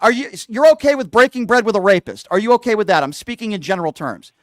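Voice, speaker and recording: A man's voice: high voice, sing-song, quick pace, dry recording. A middle-aged man hosting a radio call-in show, combative and insulting, hammering the caller with the same question. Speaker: radio talk show host. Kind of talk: heated call-in argument.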